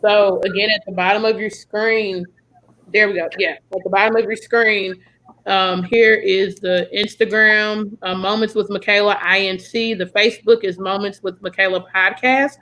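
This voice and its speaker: A woman's voice: medium pitch, steady tone, moderate pace, fairly bright tone, rough recording. Chatty American woman hosting a podcast. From United States. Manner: chatty, friendly, lots of fillers. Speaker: podcast host. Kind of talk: casual video-call podcast chat.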